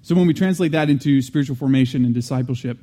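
A man preaching in an earnest, teaching manner, with a mellow, warm tone. He circles back to repeat his main points and slips in casual asides between restarts. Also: mid-range voice, very fast. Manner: frequent restarts and fillers, conversational asides. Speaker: Christian teacher. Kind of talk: teaching sermon.

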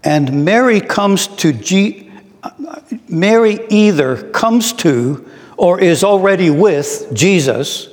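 Male preacher, middle-aged, unhurried and thoughtful, fairly high voice, long hall reverb. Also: lively intonation, a little mellow. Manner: slow, reflective, with rhetorical questions. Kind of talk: sermon.

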